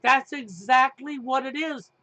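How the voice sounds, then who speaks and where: A man's voice: very high-pitched, a little slow, sharp tone, no room sound, rough recording. A middle-aged man hosting a talk show, speaking emphatically and sarcastically with frequent swearing. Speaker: podcast host. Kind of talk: heated casual talk show chat.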